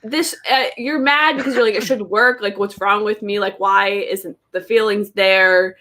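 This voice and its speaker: A woman's voice: medium pitch, fairly even intonation, normal speed, sharp tone. A woman co-hosting a podcast in casual chat, laughing often and gushing with lots of "like.". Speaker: podcast co-host.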